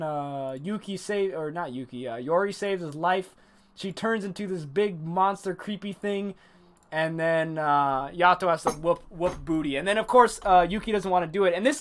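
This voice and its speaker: Man, livestream anime reviewer, casual, animated, swears freely, talks to chat. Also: high-pitched. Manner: animated, profane, reacts to chat.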